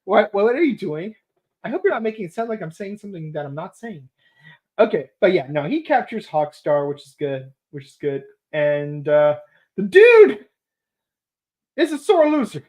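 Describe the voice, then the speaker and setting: A woman's voice: medium pitch, normal speed. A young woman hosting a podcast, reviewing an episode casually, laughing often and acting out lines from the show. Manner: animated, laughs often, acts out quoted lines. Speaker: podcast host.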